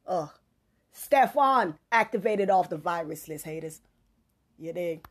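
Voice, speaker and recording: A woman's voice: on the low side, lively intonation, a little slow. A woman hosting a sports podcast, reading scores in a loose, slangy, playful way and slipping into a preachy tone. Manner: loose and playful, slangy, laughing, drops into a gospel tone. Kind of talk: casual sports chat. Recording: music playing underneath. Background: music.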